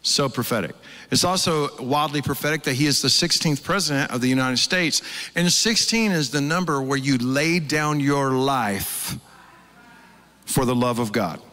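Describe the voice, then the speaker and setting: Animated pastor preaching in a reverberant hall. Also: male voice, mid-range voice, normal speed. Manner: animated storytelling, acts out quotes. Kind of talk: sermon. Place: large church hall.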